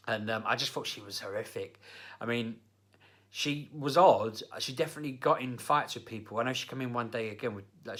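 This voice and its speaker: A young man casually telling rambling personal stories to camera, with lots of fillers. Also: medium pitch. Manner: rambling, animated anecdotes with fillers. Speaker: vlogger.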